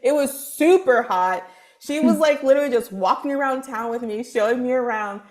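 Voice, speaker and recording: A woman from Texas, a spiritual advisor guest, telling her story in a chatty, lively podcast interview with lots of fillers. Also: a little high, moderate pace. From Texas, USA.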